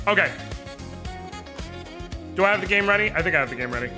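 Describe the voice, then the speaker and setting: A man streaming a video game, chatting casually with his audience, excitable and joking, swearing freely as he talks. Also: sits high, quick pace, over music. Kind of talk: casual live-stream chat.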